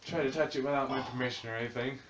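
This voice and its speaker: A man's voice: medium pitch, fairly even intonation, racing, a bit bright. A young man jokes with his friends on a casual podcast. He sits well back from the mic, so he sounds distant in an echoey room with faint noise. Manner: joking, laughs a lot. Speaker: podcast co-host. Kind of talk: casual chat.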